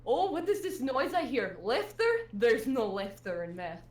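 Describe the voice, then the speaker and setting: A woman impersonating a sassy, deadpan Russian woman math teacher with a put-on Russian accent. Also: a little high, normal speed, reverberant.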